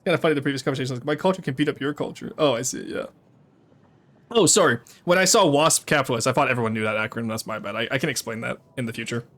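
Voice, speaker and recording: A man's voice: mid-range voice, rapid-fire, fairly bright tone. A man streaming a game, chatting in rambling rants full of restarts. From Canada. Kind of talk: casual live gameplay chat.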